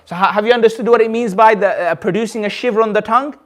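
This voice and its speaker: A man's voice: sits high, racing. A man with a British accent teaching a recitation class, patiently repeating and demonstrating sounds and often checking that the students understand. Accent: British English. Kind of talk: classroom tajweed lesson.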